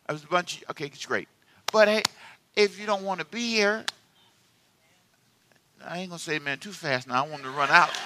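A man preaching a sermon as pastor, talking in a rambling, self-deprecating way that swings from quiet asides to sudden loud bursts. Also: high voice, no echo.

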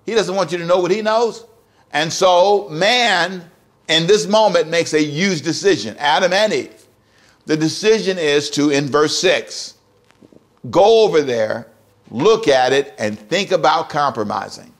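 A man's voice: a little high, a little slow. A man preaching a sermon as pastor, emphatic and repetitive, often asking the congregation direct questions.

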